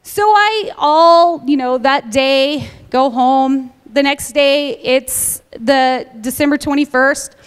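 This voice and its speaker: A woman in her thirties with a high, bright voice tells her personal story to a church congregation. She is a lively storyteller who acts out the dialogue, and her voice carries a long echo through a large church hall. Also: takes it slowly, few pauses. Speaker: church member giving a testimony. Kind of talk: personal testimony told to a congregation.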